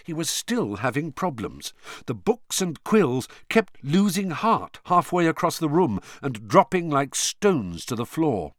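A man narrating an audiobook with an expressive, varied delivery. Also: on the high side, measured pace, dry recording, clean studio sound. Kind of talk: storybook narration.

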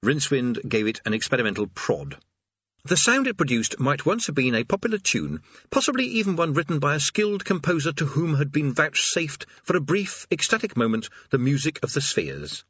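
Wry husky male fantasy audiobook narrator. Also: fairly high pitch, very animated, fairly quick, a bit bright, no echo, dull audio.

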